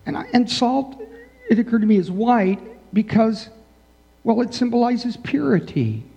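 A man's voice: very high voice, animated, unhurried, vocal fry, dark tone, slightly rough. A man preaching a sermon in a church, talking conversationally with many "you know" asides. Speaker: pastor. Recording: dull sound with long hall reverb.

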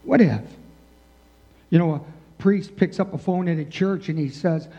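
A man preaching a sermon in a church, casual and full of asides. His voice sits fairly high and sounds mellow. The recording is dull and carries a long church reverb. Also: normal speed. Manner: conversational, many "you know" asides. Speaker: pastor.

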